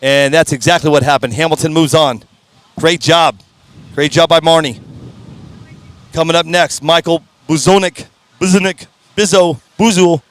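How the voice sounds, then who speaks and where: A man announcing live drag racing in an upbeat, folksy way, fumbling names now and then, his voice strained and clearing his throat. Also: fairly high pitch, steady tone, normal speed, pauses often, fairly bright tone. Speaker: race announcer. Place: at a racetrack.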